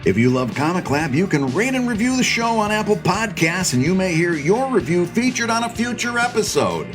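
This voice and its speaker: A man's voice: sits high, very animated, brisk, over music. A man from Michigan co-hosting a podcast, chatting casually, laughing often and telling rambling anecdotes. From Michigan, USA. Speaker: podcast co-host. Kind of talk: casual chat.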